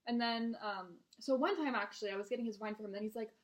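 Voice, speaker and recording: A woman's voice: a little high, fast. Blunt young woman venting. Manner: blunt, frequent swearing, exasperated. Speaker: restaurant server vlogger. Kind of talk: casual venting storytime.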